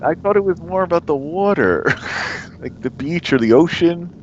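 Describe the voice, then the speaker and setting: Male tabletop player, slightly high and animated, slow jokey asides. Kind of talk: casual tabletop game chat. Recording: lo-fi recording with faint noise.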